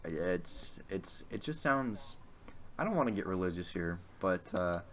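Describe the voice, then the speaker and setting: A young man with a lowish voice chats casually on a podcast. He rambles and hesitates through his points, dropping curse words as he goes. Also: animated, unhurried, fairly bright tone, a little hiss or hum. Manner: rambling, hesitant, swears often. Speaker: podcast co-host. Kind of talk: casual chat.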